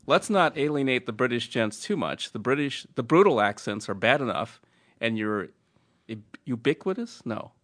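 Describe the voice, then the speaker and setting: A man's voice: medium pitch, lively intonation, normal speed, fairly bright tone. Man reading a listener letter, laughing. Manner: laughs while reading, stumbles over words. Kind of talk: casual chat, reading a letter aloud.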